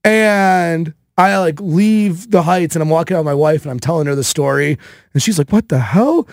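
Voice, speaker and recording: A man in his thirties hosting a podcast, telling a casual story in an animated way, with many fillers. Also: a little high, normal speed, vocal fry, no room sound, clean studio sound. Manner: animated, filler-heavy with frequent "like". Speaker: podcast host.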